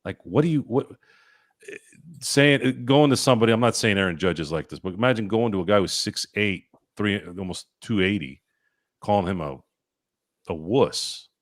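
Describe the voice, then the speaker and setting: A man's voice: lowish voice, expressive, moderate pace, no room sound. Blunt, ranting man on a sports podcast. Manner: swears casually. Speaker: podcast co-host. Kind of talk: casual sports podcast chat.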